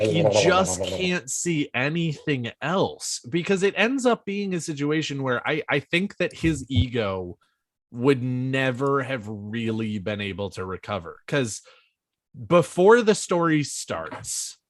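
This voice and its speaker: A man's voice: mid-range voice, fairly bright tone, no echo. A man co-hosting a podcast, discussing a book series in a rambling, casual way with filler words and the odd swear. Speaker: podcast co-host.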